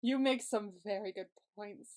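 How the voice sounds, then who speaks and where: A woman's voice: mid-range voice, moderate pace, darkish tone. A woman co-hosting a podcast, reacting to a TV episode recap in casual chat and laughing often. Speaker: podcast co-host.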